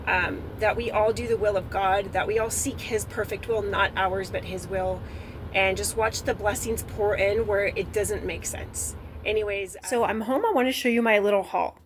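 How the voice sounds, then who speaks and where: A woman in her thirties, a stay-at-home mom, talking earnestly to her viewers about faith. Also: medium pitch. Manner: earnest, heartfelt, encouraging. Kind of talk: casual faith talk to camera. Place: car while driving, then at home. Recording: road and car noise behind.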